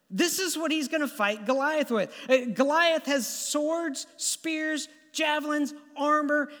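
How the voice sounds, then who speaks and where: A man preaching a sermon as animated, conversational storytelling with stammered restarts, in a church hall. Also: very high voice. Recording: long hall reverb.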